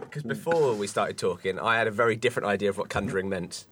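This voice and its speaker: A man's voice: fairly low pitch, fairly quick, a bit bright, slight background noise. A man co-hosting a casual comedy podcast, wry and teasing, asking questions. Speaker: podcast co-host.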